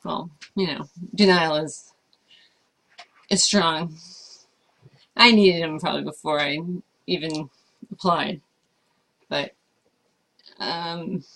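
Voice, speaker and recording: A woman's voice: sits low, fairly even intonation, takes it slowly, vocal fry, long pauses, a bit bright. A woman chatting casually as she answers viewer questions about life with her service dog, thoughtful and hesitant, with frequent fillers. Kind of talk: casual Q&A chat.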